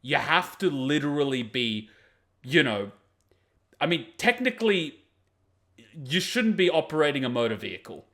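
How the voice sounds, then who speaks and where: A man's voice: fairly high pitch, big pitch swings, normal speed, pauses often, fairly bright tone. A man hosting an anime reaction video, giving blunt, profane, mocking commentary on the fight.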